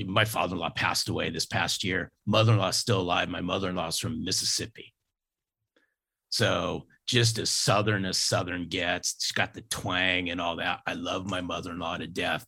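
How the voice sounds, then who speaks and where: Deep gravelly-voiced man telling a story. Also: pushed and bright. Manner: emphatic, repeats key phrases for effect. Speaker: sales coach guest. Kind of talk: storytelling interview talk.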